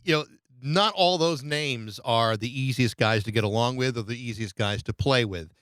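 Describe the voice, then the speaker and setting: A man's voice: medium pitch, moderate pace, a bit bright, clear, resonant tone, dry recording. A male radio show host chatting easily with his guest and asking long, rambling questions. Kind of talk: interview questions.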